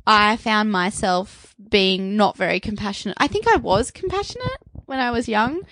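A woman's voice: medium pitch, expressive, normal speed, fairly bright tone, a little hiss or hum. A woman in her thirties co-hosting a casual podcast chat, rambling with lots of fillers and frequent laughter. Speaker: podcast co-host.

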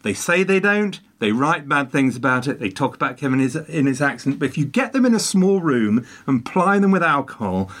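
A man chatting casually, telling a long story with animated asides and tangents. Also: a little high, brisk, few pauses. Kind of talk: casual chat.

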